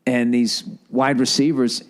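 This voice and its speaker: A middle-aged man with a Boston accent hosting a podcast, telling a comedic story with swearing and acting out other people. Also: unhurried. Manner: profane, animated, acts out quoted people in higher voices. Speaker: podcast host.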